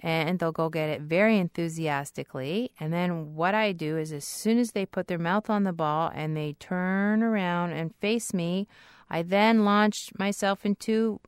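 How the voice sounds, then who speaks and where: A woman dog trainer explaining tricks step by step in an upbeat instructional talk, now and then breaking into a high sing-song praise voice. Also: a little slow, clean tone, dry recording, studio quality.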